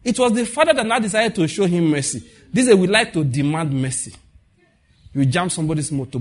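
With a high, fast voice, a middle-aged man speaking with a Nigerian accent gives an animated, conversational sermon, performing quoted lines and questioning his listeners.

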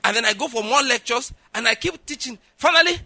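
Lively pastor preaching. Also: male voice, extremely high pitch, fast, no room sound. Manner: lively, repeats "listen" and "all right", laughs at own jokes. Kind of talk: sermon with acted-out anecdotes.

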